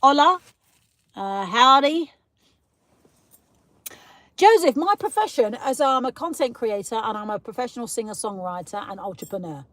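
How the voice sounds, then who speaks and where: British woman host, chatty live-stream ranter, higher voice, dry close sound. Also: lively intonation, normal speed, pauses often, fairly bright tone, no room sound. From Britain. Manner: chatty, ranting, reads out viewer comments. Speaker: livestream host. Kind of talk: casual live-stream chat.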